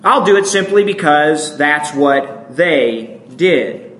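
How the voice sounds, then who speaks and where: A man's voice: fairly high pitch, slow, echoey room, a little hiss or hum, poor audio. A man with a northern American accent preaching a sermon in a conversational way, often checking in with "right?". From northern United States. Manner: conversational, asks "right?" often, animated emphasis.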